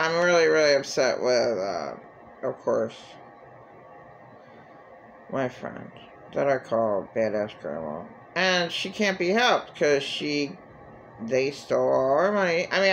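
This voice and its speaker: A woman's voice: fairly low pitch, fairly bright tone, a little hiss or hum. A woman vlogger venting in a rambling, agitated, profane monologue.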